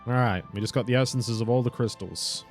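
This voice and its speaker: A man's voice: mid-range voice, brisk, faint music behind. A young man casually commenting on his own game stream, rambling, correcting himself, swearing and laughing now and then. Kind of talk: casual live gameplay commentary.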